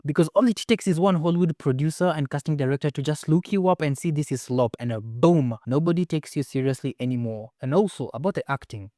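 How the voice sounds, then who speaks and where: A man's voice: a little high, fast talker, few pauses, mellow, no room sound, clean studio sound. Blunt man ranting about a film. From Kenya. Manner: blunt, mocking, exasperated. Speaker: film reviewer. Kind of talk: ranting movie review.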